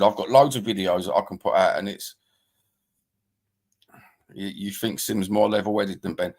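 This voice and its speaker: A man's voice: lowish voice, steady tone, moderate pace, long pauses, darkish tone. A middle-aged man with a London accent hosting a live stream, rambling heatedly and swearing often as he reads and answers the chat.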